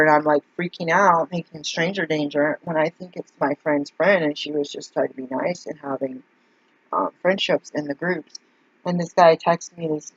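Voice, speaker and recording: A woman's voice: low-pitched, steady tone, normal speed, no echo. Woman vlogging, rambling casual story, lots of fillers, dry close sound, muffled lo-fi audio. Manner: meandering storytelling with many fillers. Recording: dull lo-fi dry recording.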